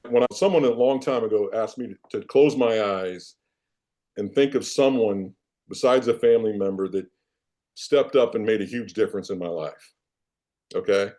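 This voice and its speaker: Brief: man, 50s, former coach as interview guest; lowish, mellow voice, storytelling. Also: normal speed. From Iowa, United States. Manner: animated, self-deprecating anecdotes. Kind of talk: casual storytelling in a podcast interview.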